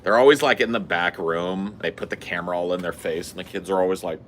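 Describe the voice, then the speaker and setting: A man's voice: low-pitched, quick pace, a little hiss or hum. A man co-hosting a podcast, telling stories with lots of swearing, laughter and voice impressions. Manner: animated storytelling, mimics voices, laughs often, swears freely. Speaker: podcast co-host. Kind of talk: casual comedic chat.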